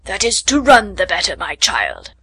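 A woman voicing a wicked male wolf who pretends to be a grandmother, speaking low and falsely soft. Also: wildly swooping pitch, moderate pace, slightly rough, heavily acted. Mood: falsely sweet.

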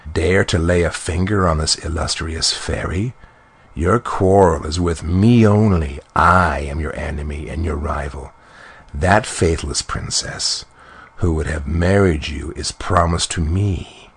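A man voicing a small, jealous, spiteful dwarf who boasts menacingly in a storybook reading, his voice low and husky. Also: measured pace, heavily acted.

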